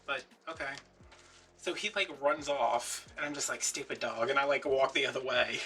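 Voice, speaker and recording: A young man who hosts a craft video and tells a rambling story in casual chat, putting on higher voices for the people he quotes. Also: moderate pace, sharp tone, recorded from a distance, faint music behind.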